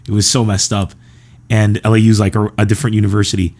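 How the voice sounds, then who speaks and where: Laid-back man with a low voice, rambling. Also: level tone, fast, a little mellow. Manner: rambling, chuckling, frequent restarts. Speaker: podcast host. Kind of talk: casual comedic storytelling.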